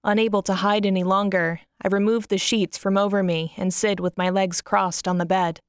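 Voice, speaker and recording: A woman narrating a first-person story aloud in a soft, mournful reading voice. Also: medium pitch, fairly even intonation, normal speed, clean tone, no echo, clean studio sound.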